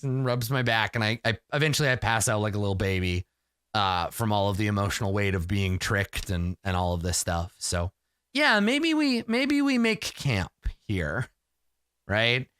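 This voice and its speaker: A man's voice: on the low side, lively intonation, normal speed, fairly bright tone, clean tone, no room sound, studio quality. Man rambling through a solo tabletop game. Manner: rambling, filler-heavy, emotional. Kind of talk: first-person narration of a solo tabletop game.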